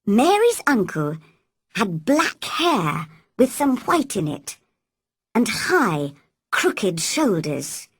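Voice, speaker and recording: A woman narrating a classic children's story slowly and clearly for English learners. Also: mid-range voice, huge pitch swings, dry recording, studio quality.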